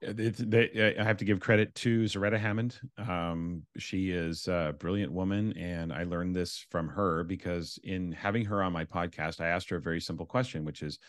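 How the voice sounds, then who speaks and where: A man's voice: low-pitched, fairly even intonation, moderate pace, few pauses, no room sound, clean studio sound. A man from Canada, an education consultant, explaining his ideas earnestly as a guest in an interview. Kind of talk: interview conversation.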